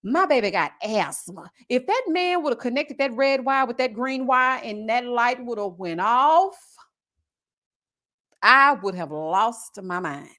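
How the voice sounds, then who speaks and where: Woman livestreaming, slangy storytelling, kinda high voice. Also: expressive, unhurried, bright, forceful tone. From Houston. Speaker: livestream host. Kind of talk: casual chat reading super chats.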